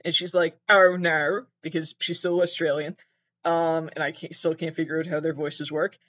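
A man on a rambling comic monologue, his voice sitting a little high and leaping into squeaky peaks when something surprises him. He keeps cutting himself off and wandering off track. The sound is muffled, like a lo-fi home recording. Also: flat delivery, moderate pace. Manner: digressive, self-interrupting, with sudden squeaky jumps in pitch. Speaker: comedy podcast host.

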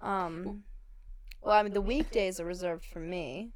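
A young woman in her twenties co-hosting a podcast, chatting casually with quick, joking banter. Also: on the low side. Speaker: podcast co-host. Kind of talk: casual chat.

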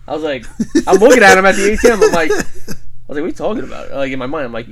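Young male co-host, rowdy storyteller with a slightly high voice, acts out every character he quotes. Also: fast, a crowd in the background. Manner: animated, quotes people, laughs often, swears. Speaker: podcast co-host. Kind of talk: casual storytelling chat.

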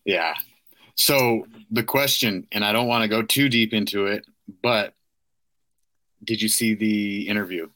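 A man's voice: fairly low pitch, measured pace, sharp tone, no echo. A man co-hosting a casual podcast, talking in a profane way and often asking "you know what I mean". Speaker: co-host. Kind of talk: casual chat.

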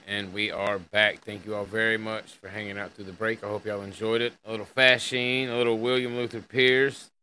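A man's voice: lowish voice, pushed and bright, clear, resonant tone, poor audio. A man hosting an online podcast, chatting casually with crude language and reading an article aloud over a call. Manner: loose and crude, with fillers and laughs. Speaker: podcast host.

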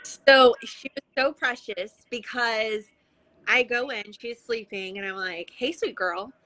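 A woman with a fairly high, very bright and clear voice, chatting as a podcast guest. She tells her stories with lively energy, slipping into the voices of the people she quotes. Her talk is loose and full of casual fillers. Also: slow pace, low-quality recording. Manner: lively, acts out quoted dialogue with many fillers. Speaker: interview guest, intuitive coach. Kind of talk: animated conversational storytelling.

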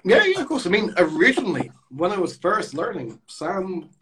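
A British man hosting a casual podcast chat, animated and blunt, swearing now and then. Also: high voice, normal speed, noisy background. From United Kingdom. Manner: animated, swears, mocks posh speech. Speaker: podcast host.

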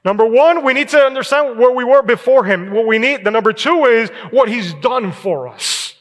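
Male pastor, high voice, sermon in a church with long reverb, conversational check-ins. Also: animated, normal speed, fairly bright tone. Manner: preaching with frequent "all right?" check-ins and short laughs. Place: church sanctuary.

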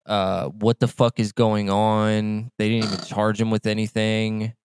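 A man's voice: lowish voice, level tone, unhurried, a little mellow, slight background noise. A man co-hosting a podcast in casual chat, laid-back and blunt, with some swearing. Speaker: podcast co-host.

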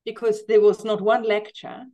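A middle-aged woman is a guest in a relaxed interview. She tells long, enthusiastic stories and leans on key words for emphasis. Her voice sits at an ordinary middle pitch. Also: moderate pace. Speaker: guest, cookbook author. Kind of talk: casual interview chat.

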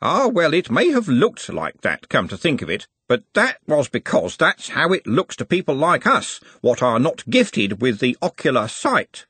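A stern, self-important older servant who puffs himself up above his station, as a male reader puts him on. The voice is pitched above the reader's own, with a husky texture. It is recorded dry and close. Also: wildly swooping pitch, moderate pace, few pauses, fairly bright tone, no room sound, exaggerated voice. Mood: pompous. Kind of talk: audiobook character voice.

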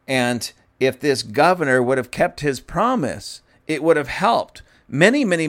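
A man hosting casual political commentary, speaking to his audience, mocking and keeps breaking into laughter. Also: mid-range voice.

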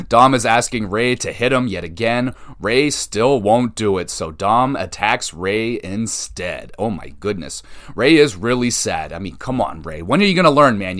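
Casual low-voiced man recapping wrestling. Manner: casual, excitable, swears freely. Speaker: podcast host.

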